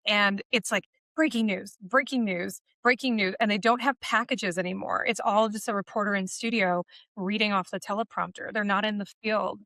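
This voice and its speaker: A woman's voice: medium pitch, steady tone, fairly quick, few pauses, bright, forceful tone, no echo, clean studio sound. A woman talking as a podcast guest in casual conversation, chatty and telling stories. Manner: chatty, storytelling, quotes people in voices. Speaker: podcast guest, automotive media personality.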